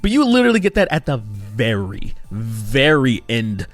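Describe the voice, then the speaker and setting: A man giving a casual spoken game review, animated and exasperated, with mocking asides. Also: medium pitch, soft background music. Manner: animated and exasperated, mocking characters with quick impressions.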